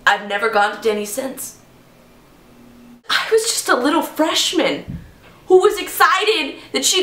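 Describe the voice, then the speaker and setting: Woman vlogger, storytime delivery, dramatic and animated; bright, forceful tone, slightly high voice, echoey room. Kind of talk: storytime vlog.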